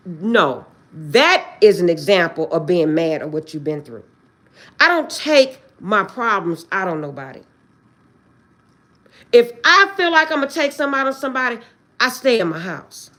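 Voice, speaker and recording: A woman ranting on a livestream, close to tears and swinging between outbursts and quiet prayers. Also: medium pitch, sing-song, normal speed. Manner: agitated, swings between shouting and tearful prayer. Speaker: livestream host. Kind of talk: emotional livestream rant.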